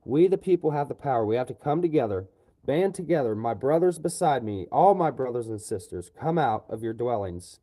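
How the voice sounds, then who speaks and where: A man's voice: medium pitch, expressive, fairly quick, warm tone, rough recording. A man on a livestream, ranting angrily about politics, swearing often and ending lines with "you know". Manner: profane, repetitive, keeps tagging lines with "you know". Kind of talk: angry political rant on a livestream.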